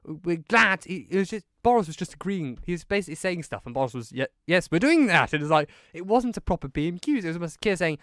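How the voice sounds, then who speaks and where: Chatty young man, crisp dry studio voice. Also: a little high, animated, rapid-fire, hardly any pauses, no echo. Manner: chatty, mimics politicians mid-story. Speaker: radio show co-host. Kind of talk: casual political chat.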